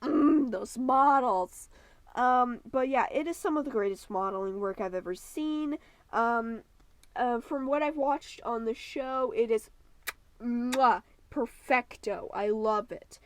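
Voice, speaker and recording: A woman vlogger talks in a rather high voice, gushing and rambling with plenty of ums as she chats over a video. She slips into a playful put-on accent throughout. The sound is dry and close, with no room behind her. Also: unhurried, no room sound. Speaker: YouTube art channel host. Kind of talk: casual voice-over commentary.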